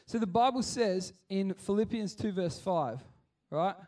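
A man's voice: high-pitched, animated, measured pace, darkish tone, recorded from a distance. A man preaching a casual sermon at kids church, full of restarts, that builds to passionate appeals. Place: church hall.

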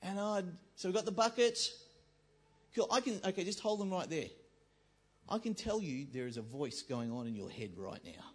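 Joking with his congregation, this pastor delivers a conversational sermon in a church and acts out the voices people hear in their heads. His voice is high, and his pace is moderate.

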